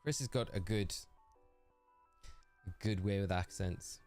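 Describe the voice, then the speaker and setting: A man's voice: sits low, measured pace, darkish tone, faint music behind. A man with a northeastern English accent, a livestreamer chatting casually while gaming, laughing often and answering viewers by name. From northeast England.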